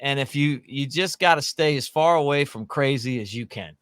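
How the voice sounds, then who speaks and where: A man's voice: medium pitch, moderate pace, fairly bright tone, clear, resonant tone, no room sound, studio quality. A man hosting a casual sports talk show, rambling and folksy with many restarts. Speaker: podcast host.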